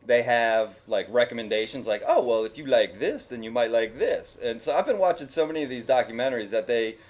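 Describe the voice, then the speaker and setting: A man talking casually over his gameplay footage as a YouTube gamer, rambling and joking with his viewers. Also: medium pitch. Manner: rambling, chatty, jokey. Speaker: gaming YouTuber.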